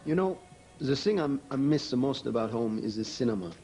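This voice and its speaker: An actor playing an earnest young French footballer who speaks with a French accent and halting restarts. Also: male voice, medium pitch, animated, dark tone, faint music behind, natural voice, rough recording. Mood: sincere. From France. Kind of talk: TV drama dialogue.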